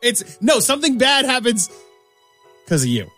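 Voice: medium pitch, very animated, moderate pace, sharp tone, soft background music. A radio co-host bluntly ribbing a colleague in casual banter.

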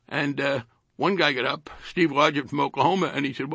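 Gravelly older man with a Jersey accent. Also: a little high, a bit bright, dry recording. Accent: New Jersey. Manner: halting, repeats words, dry wit. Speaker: retired congressman. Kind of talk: radio interview.

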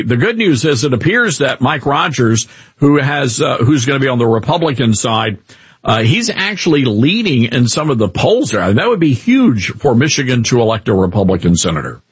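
Husky blunt male talk-radio host. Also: medium pitch. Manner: blunt, opinionated, mocking.

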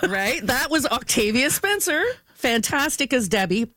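Animated woman reviewing films on radio. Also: a little high, unhurried, no room sound. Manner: enthusiastic, animated storytelling. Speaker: film and TV critic.

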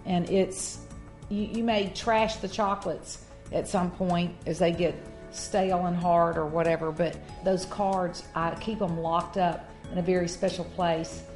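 Woman co-host, earnest and halting, slightly low voice, light music underneath. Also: steady tone, a little mellow. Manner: earnest, with frequent fillers and restarts. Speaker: co-host of a Christian marriage talk. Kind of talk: casual faith-based chat.

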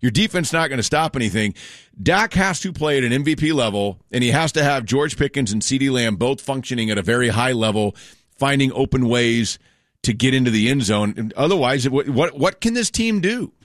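A man's voice: mid-range voice, expressive, a little fast, fairly bright tone, dry recording, clean studio sound. A man co-hosting sports talk radio, giving emphatic, opinionated analysis.

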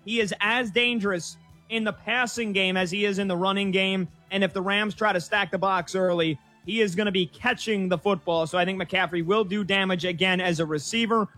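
A man with a high, bright voice hosts a sports betting segment. He rattles off stats briskly and keeps the picks moving, with faint music underneath. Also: fairly even intonation. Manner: brisk, stat-heavy, leads the segment. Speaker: sports betting show host. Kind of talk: casual sports betting talk.

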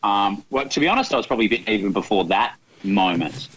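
A man's voice: lowish voice, lively intonation, fast talker, a bit bright, husky, poor audio. Australian man reminiscing on radio. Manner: reminiscing, thinking aloud. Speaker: radio guest. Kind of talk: radio interview.

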